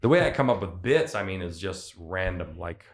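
A man's voice: low voice, very animated, normal speed. A man, a stand-up comedian, chatting casually on a podcast with lots of fillers and restarts. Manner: rambling, filler-heavy, many restarts.

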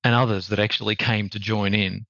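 A man with an Australian accent, a podcast guest telling a story in a measured, reflective way. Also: lowish voice, flat delivery, vocal fry, a bit bright, dry recording, muffled recording. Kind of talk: conversational storytelling.

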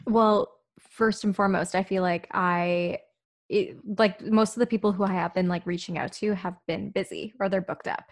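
A woman's voice: mid-range voice, fairly even intonation, moderate pace. A young woman co-hosting a podcast, speaking candidly and reflectively with frequent "like" fillers. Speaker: podcast co-host. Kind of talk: casual podcast chat.

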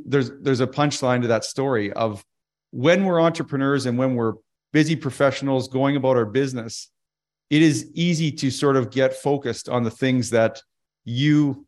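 A man who works as a financial advisor, giving a casual webinar talk with many fillers and restarts, telling stories between his points. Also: medium pitch.

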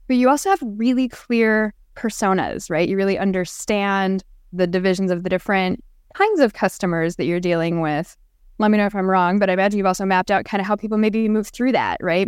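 A woman's voice: mid-range voice, smooth, dry recording, clean studio sound. A woman hosting a business podcast, asking curious, affirming questions in a conversational way. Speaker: podcast host.

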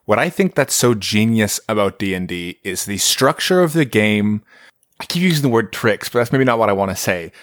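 A man's voice: fairly low pitch, normal speed, no room sound, studio quality. A man co-hosting a tabletop game podcast, casually telling a story and acting out quotes. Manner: animated, acts out quotes from friends. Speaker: podcast co-host.

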